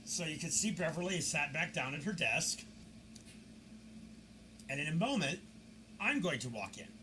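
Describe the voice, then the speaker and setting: A man talks viewers through security camera footage, pointing things out as it plays. His voice sits a little high and swings widely as he tells the story with mocking asides. A steady hiss of background noise runs under the recording. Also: normal speed. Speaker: video commentator.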